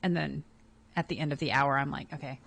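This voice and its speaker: A woman's voice: sits low, steady tone, a little fast, vocal fry, fairly bright tone. A woman co-hosting a radio show in a studio, chatting casually and laughing easily. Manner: easygoing, laughs often. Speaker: radio co-host.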